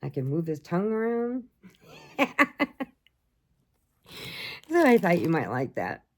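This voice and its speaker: A woman's voice: lowish voice, sing-song, a little fast, darkish tone. An older woman from the area, chatting casually and rambling to camera about her crochet and family, laughing often. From Chicago area. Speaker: crochet vlogger.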